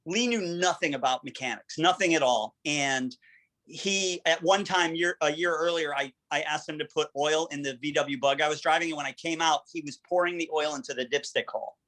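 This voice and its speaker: A man with a bright, forceful voice tells a long road story over a video call. He drives it with energy and acts out each quoted line. His voice sits a little above the usual for a man. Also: a little high, fairly quick, poor audio. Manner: energetic, vivid storyteller who quotes dialogue. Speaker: guest. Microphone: video call microphone.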